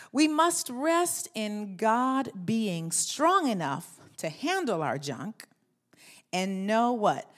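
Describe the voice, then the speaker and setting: A woman pastor preaching a sermon, lively, acting out inner voices and leading the congregation in call-and-response. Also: medium pitch.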